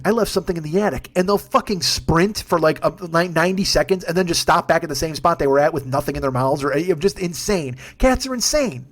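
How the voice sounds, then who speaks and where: A man telling a long comic story in a profane, rambling, animated way, as a podcast host. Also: a little high. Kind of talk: comedic storytelling monologue.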